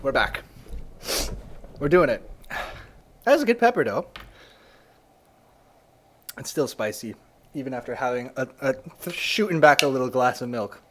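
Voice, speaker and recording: A man's voice: mid-range voice, expressive, unhurried, pauses often, noisy background. A man chatting casually on a live stream, rambling and joking and often repeating himself.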